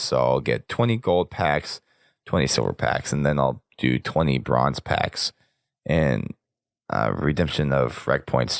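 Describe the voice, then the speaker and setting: A sick, hoarse man hosting a podcast, rambling casually through news and sign-off plugs. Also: extremely low pitch, no echo, clean studio sound. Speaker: podcast host.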